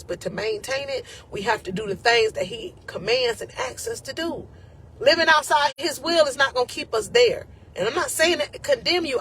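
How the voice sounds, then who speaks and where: A woman's voice: on the high side, a bit bright, a little hiss or hum. A woman life coach giving an emotional, encouraging faith talk to her viewers, casual and often close to tears.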